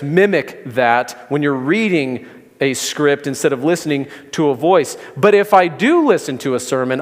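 Male pastor, sermon, conversational with light humor, fairly high voice, church sanctuary reverb. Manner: conversational preaching with gentle humor.

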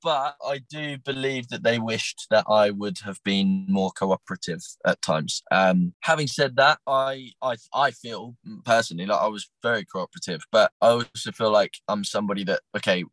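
A young man recounting his time as a talent show contestant, animated and acting out what others said, with plenty of restarts. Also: on the low side, normal speed, few pauses, rough recording. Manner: animated storyteller, acts out quotes, frequent restarts. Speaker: podcast guest, former talent show contestant. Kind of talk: casual interview storytelling.

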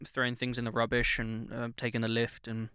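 A man's voice: mid-range voice, completely flat delivery, fairly quick, sharp tone, smooth, no echo. Jokey man with a southern English accent. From southern England. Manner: dry, jokey, sarcastic. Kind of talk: casual chat.

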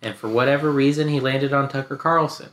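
A man's voice: mid-range voice, fairly even intonation, a little fast, a bit bright. A young man chatting casually on a podcast, loose and slangy, often mimicking others in a raised voice. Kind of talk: casual chat. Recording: echoey room.

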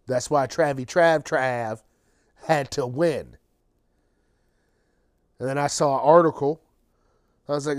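Slow, profane ranting man, podcast host. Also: medium pitch, dry recording, studio quality. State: tired, late at night. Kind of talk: casual solo monologue.

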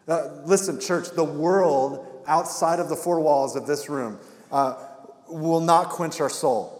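Animated male preacher in echoey hall. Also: on the high side, takes it slowly. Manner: animated preaching with rising emphasis and direct questions to the congregation. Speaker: pastor. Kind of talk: sermon. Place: church sanctuary. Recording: echoey hall with long reverb.

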